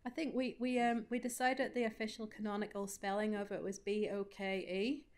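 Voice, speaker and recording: A woman's voice: mid-range voice, level tone, normal speed. Chatty Northern Irish woman with a Ballymena accent. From Northern Ireland. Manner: chatty, self-deprecating, full of asides. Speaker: invited author speaking at a study day. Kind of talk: conversational Q&A answer.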